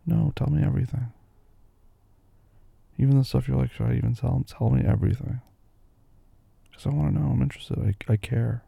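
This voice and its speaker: A man playing a gravelly, gentle boyfriend. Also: mid-range voice, steady tone, fairly quick, pauses often, no room sound. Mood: tender. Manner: gentle, reassuring, softly teasing. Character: caring young boyfriend putting his sleepy partner to bed. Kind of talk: boyfriend role-play audio.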